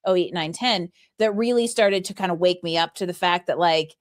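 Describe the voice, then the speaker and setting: A woman's voice: on the low side, normal speed. A woman hosting a podcast, asking curious questions in an upbeat, playful way. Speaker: podcast host. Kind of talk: conversational interview.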